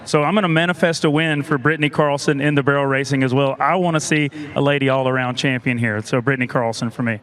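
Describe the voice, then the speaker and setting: A man's voice: mid-range voice, fairly even intonation, fast talker, fairly bright tone. A man analyst in a casual panel chat, joking and playful about his picks. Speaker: rodeo analyst.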